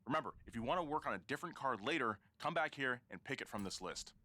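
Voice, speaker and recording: A man's voice: mid-range voice, expressive, fast, sharp tone. An actor playing an eager male car-building friend in an upbeat way.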